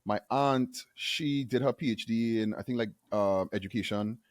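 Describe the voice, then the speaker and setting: A man from Trinidad and Tobago, a guest on an interview show, telling a story in a lively way and acting out the quotes. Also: fairly low pitch, normal speed, dry recording, clean studio sound. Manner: animated storyteller who acts out quotes. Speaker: guest, university AV manager.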